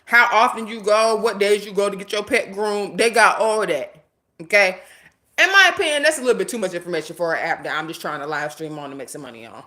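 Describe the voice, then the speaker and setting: An American woman live streams a casual rant, speaking quickly at medium pitch. Blunt and animated, she talks straight to her viewers and the chat and swears freely.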